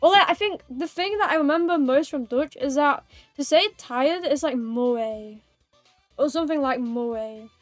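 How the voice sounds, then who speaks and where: A woman with a high, bright-toned voice chats with her stream viewers, playful and giggly, rambling and teasing. Her voice is close and dry, with soft music playing under it. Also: a little slow, no room sound. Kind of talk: casual live-stream chat with viewers.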